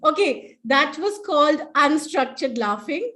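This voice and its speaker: A woman's voice: sits high, lively intonation, measured pace, pushed and bright. A woman presenting in an online webinar, playful and coaxing, leading the audience through breathing and laughter exercises over a video call.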